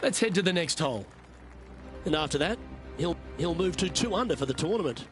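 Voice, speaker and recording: A man delivering measured, polished play-by-play golf commentary in a studio. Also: a little high, animated, fairly bright tone, faint music behind.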